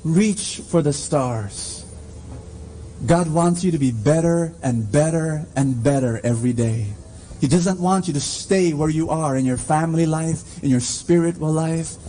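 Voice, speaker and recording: A man preaching a sermon in a church, slow and emphatic, calling to the congregation for responses. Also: fairly high pitch, mellow, slight background noise.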